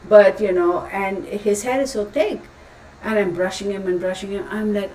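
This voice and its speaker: A woman with a mellow, mid-range voice hosts a tarot live stream at a normal speed. She rambles casually with frequent exclamations, picked up by a distant mic in a roomy space with faint background noise.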